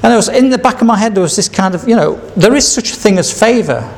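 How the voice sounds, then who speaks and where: A man's voice: high voice, animated, fast, creaky. An older man telling a rambling personal testimony, repeating himself and chuckling between memories. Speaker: speaker sharing his testimony.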